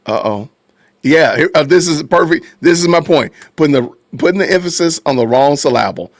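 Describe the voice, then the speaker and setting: Animated man hosting a live stream. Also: fairly high pitch, a little fast, no echo, clean studio sound. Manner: animated, reacting to chat, laughing, repeating phrases. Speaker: podcast host. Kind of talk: casual live-stream commentary.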